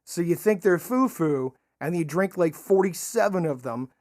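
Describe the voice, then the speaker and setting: A podcast co-host in casual chat, playful and quick to laugh while bringing up odd foods. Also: medium pitch, expressive, a little mellow, dry recording, clean studio sound.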